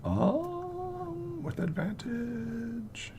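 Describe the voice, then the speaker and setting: Gravelly, animated man running a tabletop game. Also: extremely high pitch, drawn-out words, a little hiss or hum. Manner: animated, laughing, acts out characters' lines. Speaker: game master.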